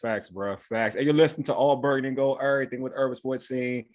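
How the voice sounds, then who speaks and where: A man's voice: medium pitch, a little mellow. A man hosting a sports radio show, talking in a loose, conversational way. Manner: fast, loose and conversational, quick agreement. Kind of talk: casual sports radio talk.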